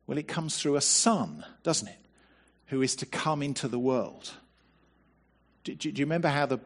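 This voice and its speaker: Husky-voiced man preaching with lively pitch. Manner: conversational, asks rhetorical questions, repeats words when starting. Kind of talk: sermon.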